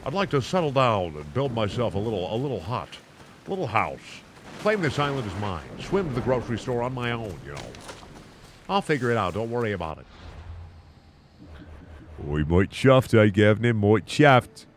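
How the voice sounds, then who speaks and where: A man's voice: mid-range voice, very animated, brisk, a little hiss or hum. A man casually commenting while streaming a video game, playful and profane.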